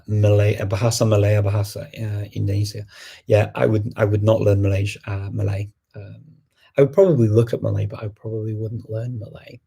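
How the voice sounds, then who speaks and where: Gravelly, husky man chatting casually. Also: lowish voice, mellow. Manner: conversational and emphatic, many restarts and laughs. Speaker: language-learning show host answering viewer questions. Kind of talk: casual live Q&A chat.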